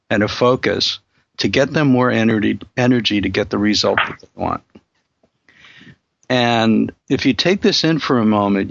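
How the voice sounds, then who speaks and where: A man with a low, gravelly voice hosts a talk show, musing in a reflective, unhurried way with frequent fillers. The sound is dull and muffled. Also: no echo. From northern United States. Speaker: show host. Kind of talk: casual talk-show monologue and chat.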